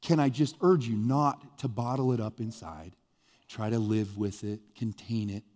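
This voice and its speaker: A male pastor from the US Midwest delivers a conversational sermon at normal speed in a large hall. His animated preaching features sudden bursts of emphasis, with abrupt rises in pitch and volume.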